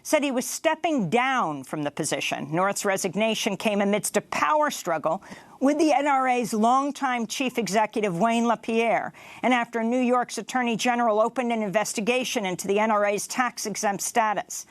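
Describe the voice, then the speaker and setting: Female news anchor, measured scripted read, dry close-mic studio sound. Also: a little high, dry recording. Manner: measured, even, formal delivery.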